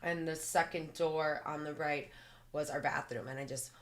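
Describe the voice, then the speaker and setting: A woman appearing as a podcast guest earnestly recounts a personal experience in detail, frequently saying "like." Her voice sits low, with fairly even intonation and normal speed, in this interview storytelling.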